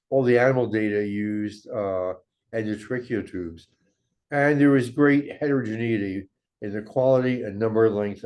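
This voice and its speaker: A man's voice: lowish voice, a little mellow. Older man giving a medical lecture. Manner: measured, walks through slides and study data. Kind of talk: academic lecture on slides.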